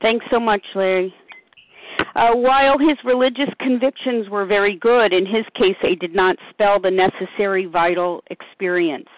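A woman's voice: medium pitch, moderate pace, no echo. A woman sharing at a recovery meeting, steadily reading passages from a book aloud. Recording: dry phone line.

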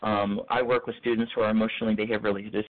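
A man's voice: fairly low pitch, flat delivery, rapid-fire. Earnest man on a tinny phone line. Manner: earnest, reflective. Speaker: school administrator. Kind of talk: personal testimony.

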